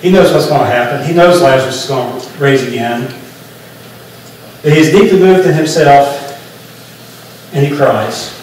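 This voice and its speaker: A man's voice: mid-range voice, moderate pace, long pauses, darkish tone, slight background noise. A male pastor preaching a sermon in a conversational, explanatory way, often restarting phrases. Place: church sanctuary. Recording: echoey church from far off.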